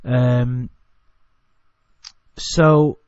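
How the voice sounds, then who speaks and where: An English-accented man gives a casual, rambling commentary, often correcting himself and speaking bluntly. His voice is mid-pitched, recorded dry with slightly dull audio. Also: steady tone, very slow, a little mellow, dry recording. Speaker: video commentator.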